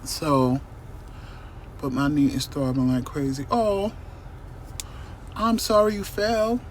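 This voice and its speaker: Guy vlogging from his parked car, kinda high voice, animated and emphatic, faint noise behind. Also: slow. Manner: animated, emphatic, talks to viewers directly. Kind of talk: casual storytelling vlog.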